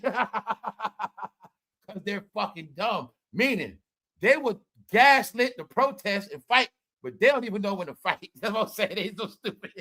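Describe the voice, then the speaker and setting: A podcast host rants through casual commentary on a livestream, mocking and swearing while laughing often. His voice is very high-pitched with a sharp tone.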